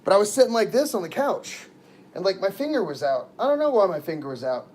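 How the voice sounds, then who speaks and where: A man's voice: high voice, big pitch swings, fast, darkish tone, slight background noise. A man telling rambling stories to viewers on a casual livestream, often stopping himself mid-sentence. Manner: rambling, chatty, self-interrupting, talks to viewers. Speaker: live streamer.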